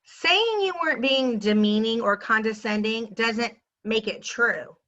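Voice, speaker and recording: Woman, storytime vlogger, indignant and sarcastic; bright tone, dull home-recorded sound. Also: a little high, measured pace. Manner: sarcastic, indignant, talks straight to viewers. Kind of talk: storytime rant to camera.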